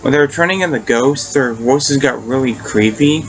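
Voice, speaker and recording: A man talks through an episode review in a loose, rambling way, stopping and restarting his sentences as he goes. His pitch sits in an ordinary middle range, and he swears offhandedly. Faint ambient noise hums behind him. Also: normal speed, low-quality recording. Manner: rambling retelling, many fillers and restarts, casual swearing. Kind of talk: casual video review.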